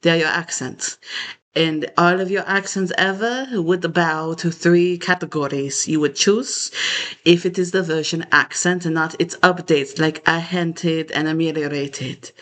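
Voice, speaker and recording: A man's voice: on the high side, fairly even intonation, unhurried, a bit bright. A man in a loose, meandering solo monologue to camera, full of fillers and restarts. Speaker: vlogger.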